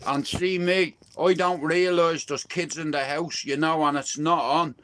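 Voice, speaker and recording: A man's voice: on the high side, fairly even intonation, a little slow, fairly bright tone, a little hiss or hum. An Irish man in his young adult years, talking bluntly and emotionally, with plenty of swearing, on a rambling live stream from a garden shed.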